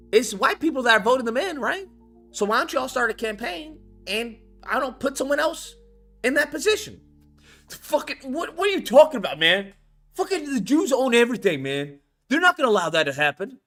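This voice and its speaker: A man hosting his channel, ranting in a profane, mocking, animated commentary. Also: very high voice. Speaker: channel host. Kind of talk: commentary rant.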